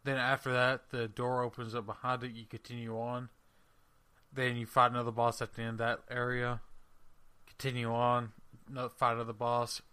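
Give a man with a bright, sharp voice who explains game mechanics step by step on a casual podcast. He walks through each stage patiently and plainly. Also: medium pitch, completely flat delivery, normal speed, clear, resonant tone. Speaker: podcast co-host. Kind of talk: casual gaming chat.

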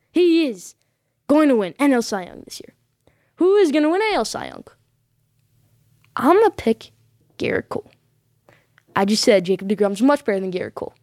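Woman, sports vlog host; emphatic, repeats herself for punch; higher voice, dry sound. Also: sing-song, a little fast, long pauses, darkish tone, dry recording. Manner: emphatic, insistent, repeats short affirmations. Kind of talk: casual sports predictions.

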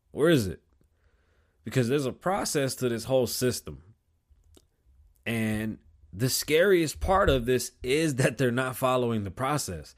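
A man hosting his own podcast from a small studio, talking casually, swearing often and getting loud and animated when he tells a story. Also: medium pitch. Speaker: podcast host. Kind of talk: casual solo podcast talk.

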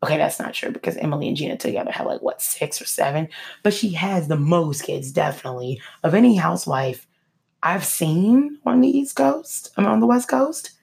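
A woman's voice: fairly low pitch, lively intonation, a little fast, creaky, darkish tone. A woman hosting a casual solo podcast, chatty and opinionated, often joking and then taking it back. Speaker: podcast host.

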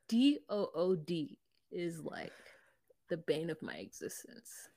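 A woman's voice: on the low side, huge pitch swings, slow, vocal fry, dark tone, dry recording, studio quality. A woman co-hosting a podcast, chatting casually and opinionatedly, acting out quotes as she recaps. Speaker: podcast co-host.

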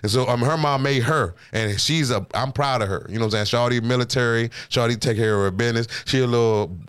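A man's voice: medium pitch, fast talker, a bit bright, smooth. A man in his thirties, a podcast host, chatting casually and with a lot of swearing as he tells a rambling personal story. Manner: rambling storyteller, often asks "you know what I'm saying". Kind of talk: casual profane chat.

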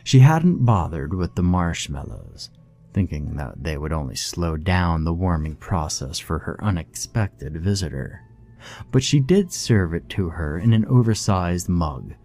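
A man reading a horror story aloud in a slow, measured, dramatic narration. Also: sits low, very animated, gravelly, darkish tone, faint music behind.

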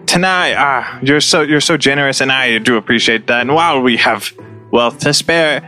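Bright-voiced hesitant tabletop player. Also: male voice, medium pitch, moderate pace. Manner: polite, hesitant, many fillers. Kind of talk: tabletop role-play. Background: faint music.

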